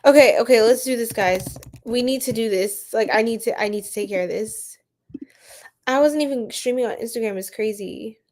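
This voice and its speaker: A woman reading tarot on a live stream and chatting with her viewers as she goes. Her voice sits a little high, and her talk is loose and animated, with "like" dropped in all the time. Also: normal speed. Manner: chatty and animated, says "like" often, reads chat aloud.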